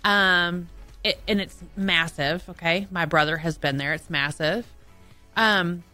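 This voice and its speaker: A woman's voice: lowish voice, a little slow, pushed and bright, faint music behind. A woman co-hosting a casual chat, listing things and dropping dry one-liners. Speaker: co-host.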